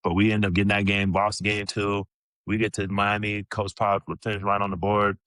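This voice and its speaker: A man in his thirties, a podcast guest telling animated, profane stories full of casual slang. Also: fairly low pitch, brisk, dry recording. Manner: profane, animated storyteller, many "bro" and "like" fillers. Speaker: podcast guest, former pro basketball player. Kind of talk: casual storytelling.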